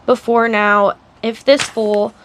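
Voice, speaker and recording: Cruel, sneering male henchman, soft-voiced menace, read by a woman in a slightly high voice. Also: flat delivery, takes it slowly, slight background noise. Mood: scornful. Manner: sneering, taunting.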